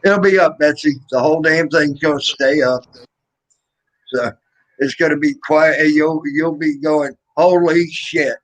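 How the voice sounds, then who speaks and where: Relaxed man chatting casually. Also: a little high, moderate pace, poor audio. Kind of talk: casual chat.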